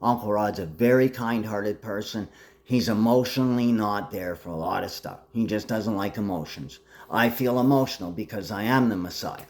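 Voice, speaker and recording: A man's voice: on the low side, moderate pace, a little mellow. Agitated, threatening rambling man. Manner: agitated, threatening, jumps between topics. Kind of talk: rambling monologue.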